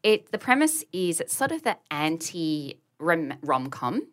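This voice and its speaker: A woman with a notably low voice leads a casual podcast chat. She reviews a film in a chatty, self-mocking way, easy and conversational. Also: sing-song, unhurried. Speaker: podcast co-host.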